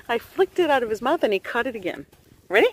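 A woman's voice: a little high, big pitch swings, quick pace, breathy edge. A woman filming her puppy outdoors, coaxing and praising him in a sing-song voice. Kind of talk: casual talk to a dog.

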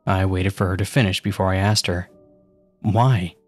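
A man's voice: low voice, monotone, fast, no echo, faint music behind. A man narrating a first-person horror story with a casual, sarcastic tone.

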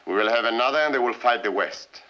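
An actor playing a ruthless Soviet general who speaks in a cold, measured way on an old film soundtrack. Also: male voice, medium pitch, pushed and bright, muffled recording.

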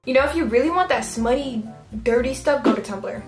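A woman's voice: high voice, expressive, brisk, over music. A young woman reading fan fiction aloud on her video channel, breaking off for giggly, mock-outraged comments. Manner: giggly, mock-outraged asides between read passages. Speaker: YouTuber. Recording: roomy echo, faint background noise.

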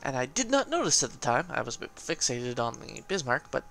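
A man giving casual, excitable gameplay commentary, laughing often and swearing cheekily. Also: medium pitch, brisk, vocal fry, a little hiss or hum.

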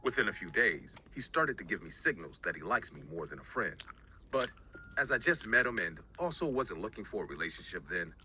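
A man reading a first-person scary story as scripted narration, in an even storytelling manner. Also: on the low side, a little fast, slight background noise.

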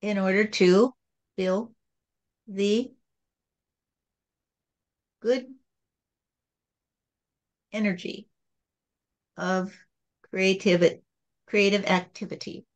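A woman channeling God as a calm, patient spirit, speaking in a gentle, repetitive teaching tone. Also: mid-range voice, drawn-out words, pauses often.

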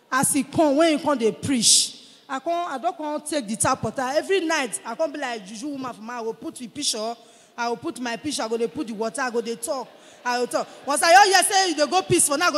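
A woman in her forties with a Nigerian Pidgin English accent, giving an animated testimony in church and acting out what others said to her. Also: high voice, fast talker. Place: large church hall. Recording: long church-hall reverb.

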